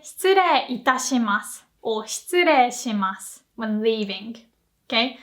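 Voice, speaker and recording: A woman's voice: on the high side, fairly bright tone. A woman teaching a casual language lesson, chatty, explaining with examples and laughing often. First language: Japanese.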